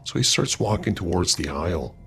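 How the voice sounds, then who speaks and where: A man with a notably low, deep voice tells an eerie story in a relaxed, conversational way, stumbling now and then and filling pauses with "you know." Soft music plays quietly underneath him. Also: creaky. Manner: loose and conversational, with fillers and restarts. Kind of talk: casual paranormal story narration.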